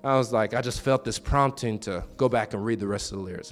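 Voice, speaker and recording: A man's voice: quick pace, few pauses, faint music behind. A man preaching a sermon in church, telling stories with acted-out quotes and repeated phrases. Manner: animated, pitch jumps high for quoted voices. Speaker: pastor.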